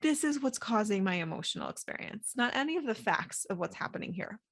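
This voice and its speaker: A woman's voice: medium pitch, sing-song, brisk. A woman hosting a solo coaching podcast, talking casually with many fillers and acting out inner thoughts. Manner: chatty, lots of "like" fillers, acts out inner voices.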